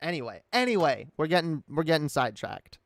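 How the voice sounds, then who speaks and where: A man's voice: fairly high pitch, very animated, fairly quick, dry recording. Candid swearing man with British put-on accent. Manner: candid, rambling, swears often; reads and answers chat. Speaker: streamer. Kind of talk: casual live-stream chat.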